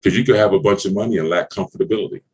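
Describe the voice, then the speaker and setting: A man's voice: sits low, rapid-fire, darkish tone, a little hiss or hum. A middle-aged man giving blunt, preachy business advice in a podcast conversation, swearing freely and hammering his points home. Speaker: business mentor. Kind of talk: motivational podcast talk.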